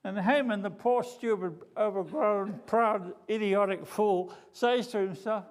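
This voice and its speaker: A man with an Australian accent preaching a sermon, retelling a story with animated swings between loud and hushed. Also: sits high, a little slow, few pauses.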